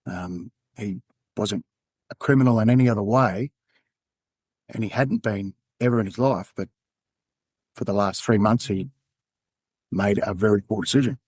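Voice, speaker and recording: A man with an Australian accent, a podcast guest telling a personal story in a candid, halting way. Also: fairly low pitch, darkish tone, husky, dry recording. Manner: candid, halting, acts out quoted dialogue. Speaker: podcast guest, former undercover police officer.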